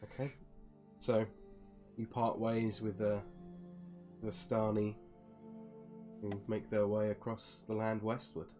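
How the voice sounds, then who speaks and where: A man running a tabletop game as dungeon master, narrating in a relaxed way with many fillers. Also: on the low side, slow pace, long pauses, soft background music.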